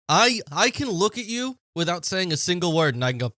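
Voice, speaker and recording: A man's voice: fairly high pitch, sing-song, brisk, hardly any pauses, pushed and bright, dry recording, clean studio sound. Cocky young guy teasing his co-host. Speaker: podcast co-host. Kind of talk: casual banter.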